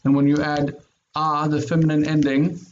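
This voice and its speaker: A man teaches Hebrew grammar over a call, his voice sitting a little high for a man as he spells out each form patiently and repeats it. He keeps checking in with his students. The sound is dull and lo-fi, with a faint hiss underneath. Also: flat delivery, moderate pace. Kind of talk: online grammar lesson.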